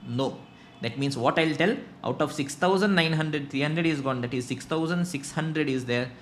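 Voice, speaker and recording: Animated Indian English male teacher. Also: fairly high pitch, moderate pace, slight background noise. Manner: animated, rhetorical questions to students. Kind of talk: classroom lecture.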